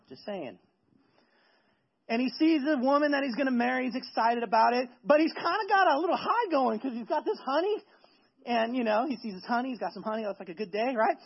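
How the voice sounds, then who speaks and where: A man preaching a humorous sermon, retelling a story with jokes and quick acted-out voices for the characters. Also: extremely high pitch, slightly rough, highs cut off. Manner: animated, jokey, acts out characters in quick asides. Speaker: pastor.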